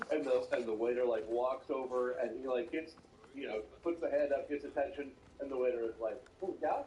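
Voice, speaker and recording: An American man co-hosting a podcast, telling stories in a lively, casual way, swearing often and jumping into exaggerated mock voices. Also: echoey room, far from the mic, muffled recording, background noise. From United States. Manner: animated storytelling, quick swearing, jumps into high mock voices. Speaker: podcast co-host.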